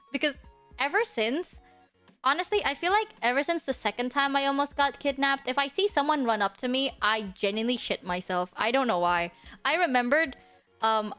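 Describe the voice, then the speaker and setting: Over soft background music, a female vtuber streamer chats and rambles casually, laughing a lot, using plenty of fillers, and sometimes sinking into a hushed whisper. She sounds high-pitched, animated and fairly quick.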